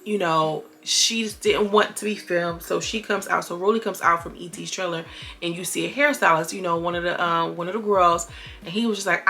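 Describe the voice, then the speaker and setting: A woman giving a casual, animated recap of a reality show, sassy and quick to act out quotes. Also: lowish voice, creaky. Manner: animated, sassy, retells scenes in quoted voices. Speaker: reality TV commentator.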